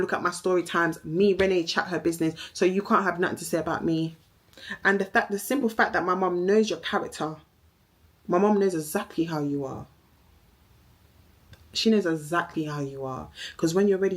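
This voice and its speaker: A young woman with a Jamaican accent delivering a heated, accusing, repetitive social media rant, swearing as she goes. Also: on the low side. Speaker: vlogger.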